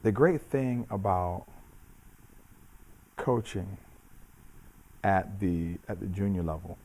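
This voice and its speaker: A middle-aged man and judo coach giving a reflective motivational talk, measured and preacherly, repeating phrases for emphasis. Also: deep voice, darkish tone.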